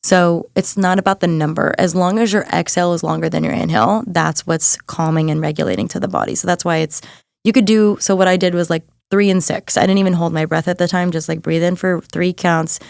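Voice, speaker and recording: A young woman speaks in a lowish voice as a podcast guest, chatty and earnest, leaning on "like" as she gives encouraging advice. The sound is dry and close, with no room around her. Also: steady tone, a little fast, vocal fry, dry recording. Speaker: guest, mindset and nervous system coach. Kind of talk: casual podcast chat.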